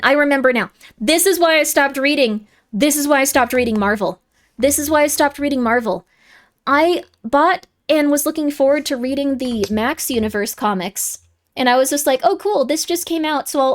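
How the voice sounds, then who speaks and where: A woman streamer chatting casually and reading viewer comments, rambling and animated, quick to get worked up. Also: high voice.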